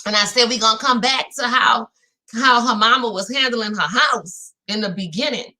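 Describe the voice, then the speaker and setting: Her pitch is fairly high and her speed normal. A recap host from New Orleans, Louisiana, she talks through a reality show for viewers in her hometown accent, chatty and animated, with plenty of "y'all."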